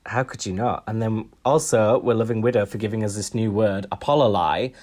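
A man's voice: lowish voice, brisk, a little mellow. A man co-hosting a podcast in casual chat, wry and chatty with frequent ums. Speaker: podcast co-host.

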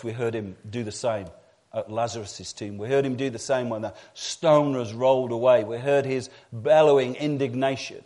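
A man preaching in a church, his voice sitting at an ordinary middle pitch. He moves between quiet, low stretches and loud, emphatic climaxes, often repeating a phrase to drive it home. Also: normal speed. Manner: dramatic, swinging from hushed low passages to loud emphatic peaks. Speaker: pastor. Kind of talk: sermon.

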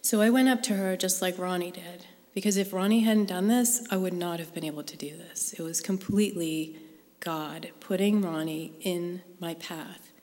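A woman's voice: lowish voice, steady tone, normal speed, a little mellow. A woman sharing a personal faith story with a live group, in an earnest, conversational way. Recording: long hall reverb.

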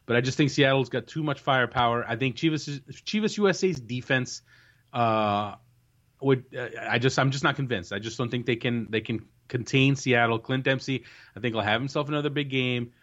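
A man's voice: medium pitch, brisk, a bit bright. A man hosting a soccer podcast, chatting casually and confidently giving match predictions, often restarting his sentences. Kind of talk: casual sports chat. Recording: dull lo-fi recording.

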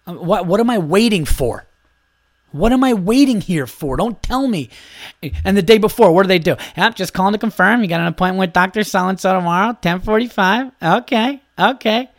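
A man's voice: high voice, lively intonation, brisk, dry recording, studio quality. A man in his thirties hosting a podcast, ranting in a profane, exasperated comic monologue and mimicking other people. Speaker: podcast host.

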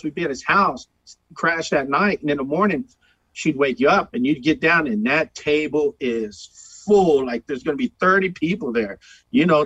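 A middle-aged man from Texas chatting on a podcast, his voice husky and a touch high. He tells stories with lots of laughter, in a dry, close recording. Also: fairly bright tone, dry recording, dull audio. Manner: storytelling, laughs often, mimics people in quotes. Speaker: volleyball coach, podcast guest. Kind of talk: casual podcast conversation.

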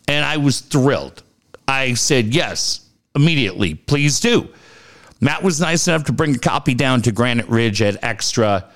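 A middle-aged man hosting a talk show, telling stories with a lively, bouncing voice that rises and falls freely. His pitch sits in an ordinary middle range, and his delivery is loose and conversational. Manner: animated storytelling, lively swings in pitch. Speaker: radio show host. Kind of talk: casual podcast talk.

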